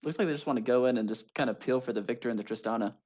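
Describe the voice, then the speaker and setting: A man with a middle-pitched voice breaks down team picks in easygoing, chatty commentary. He pokes fun at himself now and then while he talks through the game. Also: racing, darkish tone. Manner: laid-back, self-mocking humor. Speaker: esports caster. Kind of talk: casual esports commentary.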